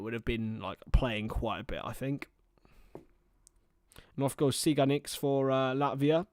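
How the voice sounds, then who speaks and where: A man's voice: medium pitch, no echo, clean studio sound. A young man giving casual livestream football commentary, mixing play-by-play with rambling, chatty asides. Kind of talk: casual watchalong match commentary.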